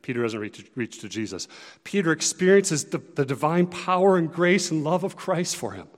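Man, pastor, earnest sermon, conversational, high voice, long hall reverb. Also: sing-song, normal speed. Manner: earnest, conversational, shifting loudness for emphasis.

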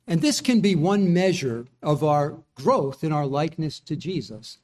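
A man preaching a sermon earnestly, reading scripture and asking the listeners searching questions. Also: a little mellow. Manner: earnest preaching, rising in pitch when quoting. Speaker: pastor.

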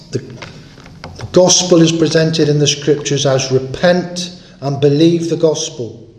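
A man's voice: fairly high pitch, slow pace, pauses often, darkish tone, roomy sound. A man preaching a sermon in an earnest, emphatic way, stressing and repeating his key points.

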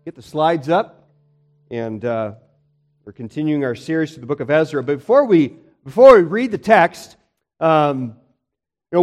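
A middle-aged man preaching a sermon in a conversational way, often repeating words as he restarts. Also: high-pitched. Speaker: pastor.

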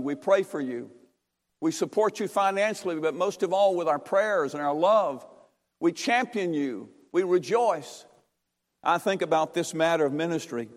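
A preacher with a high voice delivers a fervent sermon, repeating key phrases with emphatic cadence. His voice rings through the long reverb of a church sanctuary. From North Carolina, USA.

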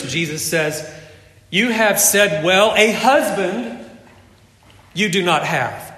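A man preaching a sermon in an earnest, measured way, often dropping to a soft voice for emphasis. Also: fairly high pitch, roomy sound, big-room sound.

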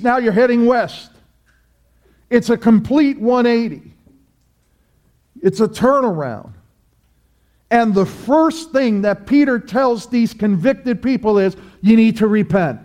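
A man's voice: very high voice, darkish tone. A male pastor preaching an emphatic sermon, repeating his points and asking rhetorical questions.

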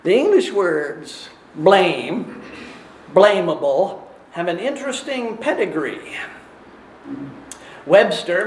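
A man preaching a sermon in a measured, deliberate way, often asking rhetorical questions. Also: high voice, animated, reverberant, slight background noise.

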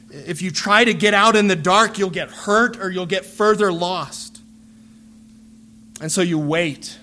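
A man preaching a sermon, earnest and measured, pleading with his listeners through repeated phrases. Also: high-pitched, a bit bright, a little hiss or hum.

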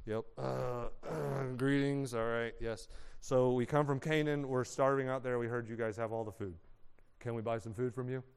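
A man's voice: medium pitch, fairly even intonation, normal speed, vocal fry, clean tone, voice pushed down, natural voice. A man voicing a nervous, bumbling grown brother begging for grain, stammering and hesitant. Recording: long hall reverb.

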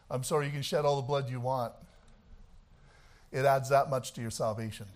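A man preaching a sermon, swinging between shouted, fiery passages and quieter, conversational talk. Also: medium pitch, steady tone, normal speed.

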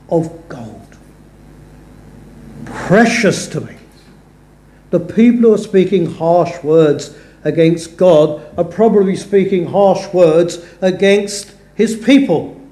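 A man's voice: high-pitched, dark tone. A man preaching a sermon in a chapel, speaking earnestly and giving weight to the scripture he quotes. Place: church or chapel. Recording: echoey church room.

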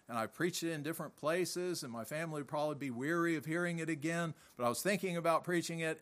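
A man preaching a sermon with emphatic repetition, who often clears his throat and whose voice rises and drops away. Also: a little high, a bit bright. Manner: slow, deliberate delivery that swells and drops off.

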